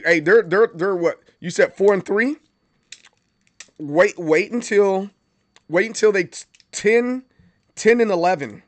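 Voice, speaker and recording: A man's voice: sits high, no echo. A man hosting a livestream, chatting casually and animatedly, with many stammered restarts and bursts of mock outrage. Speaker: livestream host.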